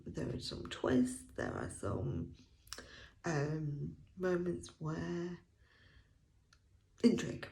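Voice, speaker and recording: Woman, casual book review vlog, enthusiastic, gravelly, hugely animated pitch, frequent laughter. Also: drawn-out words, long pauses. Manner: chatty and enthusiastic, laughs often, trails off with fillers.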